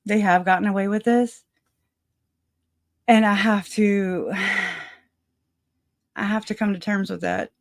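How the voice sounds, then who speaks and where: A chatty woman with a drawl talks through a casual livestream, a bit winded, laughing between thoughts and circling back on her sentences. She speaks slowly, and her voice sits dry and close. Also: medium pitch, steady tone, dry recording. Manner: chatty, laughs often, trails off and restarts. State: out of breath. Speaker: livestream host.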